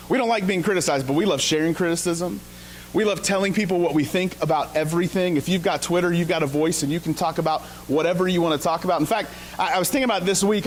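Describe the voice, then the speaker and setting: Male pastor from Ohio, slightly higher voice, casual storyteller with a sarcastic streak. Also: slight background noise. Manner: casual, self-deprecating, sarcastic asides. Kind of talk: conversational sermon with storytelling. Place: church sanctuary.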